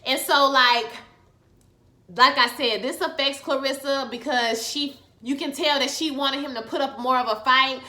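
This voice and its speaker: A woman's voice: sits high, steady tone, normal speed, bright, forceful tone. A young woman giving a chatty, slangy, dramatic recap and review of a TV series. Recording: echoey room.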